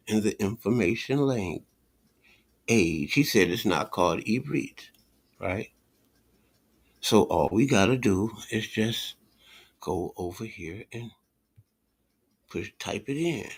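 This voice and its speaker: A man's voice: lowish voice, lively intonation, slow pace, pauses often, slightly rough. A man streaming a reaction to a video, talking with heated scorn, repeating himself and swearing. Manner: scornful, repetitive, swears a lot.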